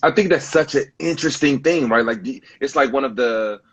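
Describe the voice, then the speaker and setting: A man's voice: medium pitch, brisk, slightly rough. A man hosting a livestream interview, talking in a thoughtful, affirming way and often repeating his words. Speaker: host.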